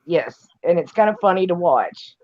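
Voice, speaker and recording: A woman's voice: lowish voice, expressive, normal speed, darkish tone. Tennessee woman on a dull video call. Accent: Tennessee Southern. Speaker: livestream guest. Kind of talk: casual chat.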